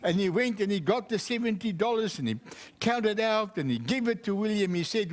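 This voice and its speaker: A man's voice: high-pitched, a little fast. A man, a pastor, telling a children's story in church and asking the children questions. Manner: animated, asks the children questions.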